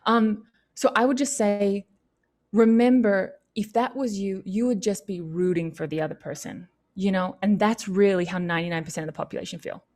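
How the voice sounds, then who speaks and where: A woman's voice: mid-range voice, fairly even intonation, normal speed, a little mellow. Chatty woman answering questions, upbeat and encouraging, lots of likes and you knows. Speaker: youth leadership session speaker.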